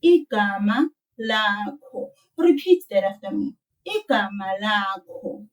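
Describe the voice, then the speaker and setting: A woman teaching a children's language lesson, modeling words slowly and playfully with laughs. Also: medium pitch, animated, distant mic, rough recording. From South Africa.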